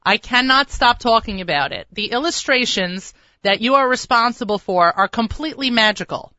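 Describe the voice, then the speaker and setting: A woman's voice: a little high, animated, moderate pace, pushed and bright, no echo. A woman hosting a radio interview show, speaking with effusive enthusiasm. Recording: dry, slightly dull lo-fi sound.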